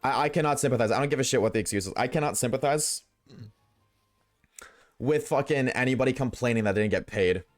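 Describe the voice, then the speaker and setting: Faint music plays behind a man with a medium-pitched voice as he streams a game, chatting with viewers. He talks quickly but leaves long pauses, ranting casually and bluntly to his live chat and swearing without restraint.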